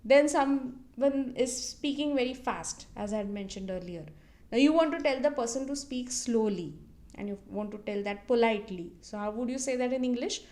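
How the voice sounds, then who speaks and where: A woman teaching as a language tutor, explaining phrases patiently and repeating each one slowly for the listener to copy. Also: fairly high pitch, mellow. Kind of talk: instructional explanation with slow repetition drills.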